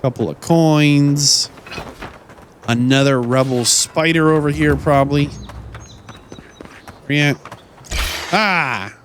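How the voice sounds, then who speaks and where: A man's voice: on the high side, steady tone, takes it slowly, pauses often, slight background noise. A man hosting a game playthrough, commentating as he plays and launching into mock-indignant, theatrical rants at enemies. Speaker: let's play host. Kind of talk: gameplay commentary.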